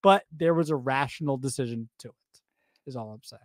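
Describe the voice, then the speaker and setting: A man co-hosting a baseball podcast in a casual, animated chat, rambling and often repeating himself. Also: medium pitch, brisk, no room sound, clean studio sound. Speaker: podcast co-host.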